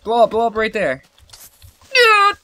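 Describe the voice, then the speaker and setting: Young man, let's play commentary, excitable, yelps and curses, slow delivery, bright edgy tone. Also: high-pitched, slight background noise. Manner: excitable, yelps and curses at the game, laughs often. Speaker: gameplay commentator.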